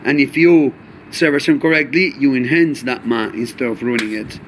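In this animated chassidic Torah lesson, the male teacher uses rhetorical questions and mixes Hebrew and Yiddish terms into his speech. His voice is mid-range and his pace moderate, with a faint hiss or hum.

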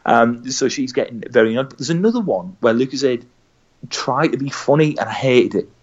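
A man's voice: mid-range voice, expressive, fairly quick, darkish tone, dull audio. A man from England co-hosting a casual podcast, chatty and rambling, with a mocking streak. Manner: chatty, rambling, mocks adverts with put-on voices. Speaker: podcast co-host.

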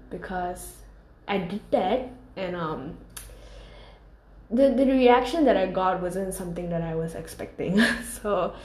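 A woman's voice: lowish voice, a little mellow. A young woman telling a casual storytime monologue, rambling and candid, with lots of fillers. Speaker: vlogger. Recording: roomy echo.

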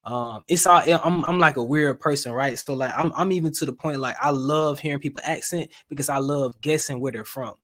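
A man's voice: fairly high pitch, fairly quick, few pauses. Casual Southern man chatting. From American South. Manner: animated storyteller with frequent fillers. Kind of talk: casual chat.

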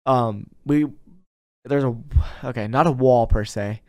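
A young man in a college dorm room, hosting a casual podcast and chatting in a relaxed, rambling way. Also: medium pitch, unhurried, clean tone. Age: young adult. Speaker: podcast host. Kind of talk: casual chat.

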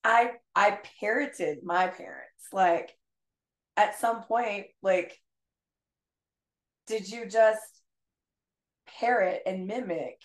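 A woman's voice: medium pitch, slow, long pauses. A woman teacher speaking as a podcast guest, earnest and thoughtful as she reflects. Her mid-range voice carries a roomy echo. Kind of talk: casual podcast conversation. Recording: roomy echoey sound.

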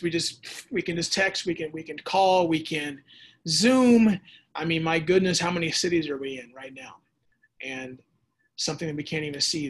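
A man preaching a sermon as pastor, lively and conversational, acting out voices and adding casual asides. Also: on the high side, slightly rough. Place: church or home setting during the pandemic.

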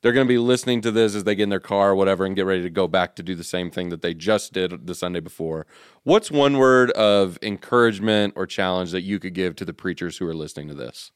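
A man's voice: low voice, fast, clean tone, no room sound, studio quality. A man hosting a podcast, interviewing a guest and encouraging him with short affirmations. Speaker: podcast host. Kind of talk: casual interview chat.

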